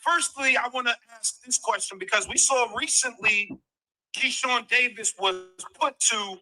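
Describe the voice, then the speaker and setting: A man's voice: extremely high pitch, measured pace, pushed and bright, poor audio. A man co-hosting a livestream, interviewing a guest in an earnest, slightly formal way. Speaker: co-host interviewer.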